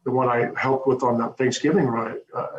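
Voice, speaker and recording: A man, a former prison corrections officer, telling his story in an interview with animated, hesitant restarts over a video call. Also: mid-range voice, a little fast. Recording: roomy, dull lo-fi with faint hum.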